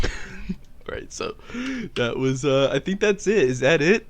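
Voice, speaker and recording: Low, mumbling male comedy YouTuber. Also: animated, unhurried. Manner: low, mumbling, laughing asides. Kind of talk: casual comedic commentary.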